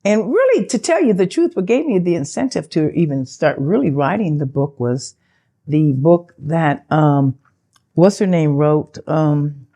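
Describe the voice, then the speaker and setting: Older woman telling a lively story, low-pitched. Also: a little slow. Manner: animated, acts out quoted dialogue with big pitch jumps; chatty, loose, with fillers and self-interruptions. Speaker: actress interview guest. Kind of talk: storytelling in a sit-down interview.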